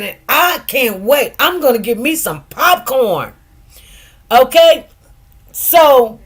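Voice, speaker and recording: A woman hosting casual commentary, animated and gossipy, acting out what others said. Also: sits high. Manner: animated, gossipy, laughs often, acts out quotes. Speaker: news commentary host.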